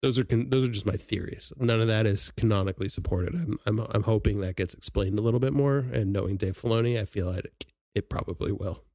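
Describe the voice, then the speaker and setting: A man with a somewhat low voice co-hosts a casual chat. He shares little fun facts and laughs often between lines. The sound is dry and close. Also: brisk, hardly any pauses, darkish tone, dry recording. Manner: chatty, shares trivia with frequent laughs. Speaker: podcast co-host.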